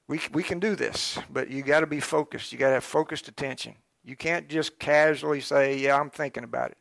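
A man's voice: mid-range voice, creaky, fairly bright tone, no echo. A middle-aged man preaching a sermon in a folksy, joking way. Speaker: pastor.

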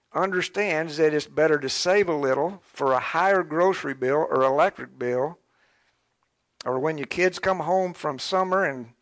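A man's voice: on the high side, gravelly, no room sound. A middle-aged man preaching a sermon in a folksy, joking way. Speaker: pastor.

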